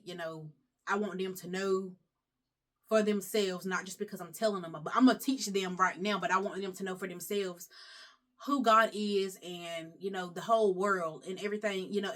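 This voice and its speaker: Young female vlogger, low-leaning voice, emotional and rambling casual chat. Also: a bit bright.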